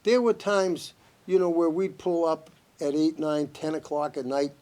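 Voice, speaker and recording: A man with a strong Boston accent, a guest in a casual TV chat who tells his stories with lively energy. His voice sits a little higher than most men's. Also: a little slow. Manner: animated, lively storyteller.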